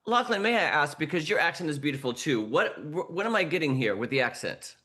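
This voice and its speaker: Gushing male entertainment host, bright voice, slightly high. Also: very animated, a little fast. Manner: effusive, complimentary, stumbling restarts. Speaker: interviewer. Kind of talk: entertainment interview.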